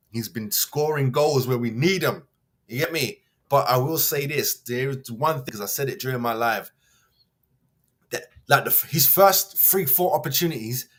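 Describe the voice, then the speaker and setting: A man's voice: medium pitch, fairly bright tone, slightly rough. A man hosts a show, reading a news piece aloud and then ranting in a heated, slangy, mocking way. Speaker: host.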